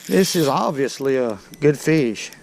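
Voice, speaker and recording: Gravelly angler, slow drawl, excitable, chatting to viewers from a boat. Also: male voice, medium pitch, a little hiss or hum. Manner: excitable, talks straight to viewers. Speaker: fishing vlogger. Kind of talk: casual narration while fishing. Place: outdoors on a boat on a river.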